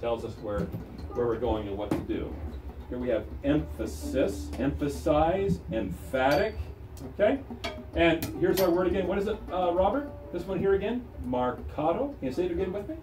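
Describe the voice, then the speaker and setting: A male music teacher leads a string class in a school music room, drilling terms through call-and-response and counting the ensemble in. His voice is on the high side and expressive at a moderate pace, heard over music. The room is echoey, and he's recorded from far off while the strings play.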